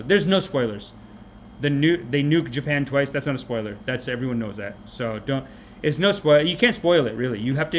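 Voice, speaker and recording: A man hosting a podcast, delivering a comic rant of a movie review in an animated, mocking way. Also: mid-range voice, a little hiss or hum. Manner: animated, mocking, puts on quick character voices. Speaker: podcast host.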